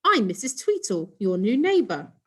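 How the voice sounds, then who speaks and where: A woman's voice: medium pitch, very animated, normal speed, breathy edge. A woman voicing a friendly, polite green alien lady neighbour in a children's storybook. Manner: bright, twinkly, polite.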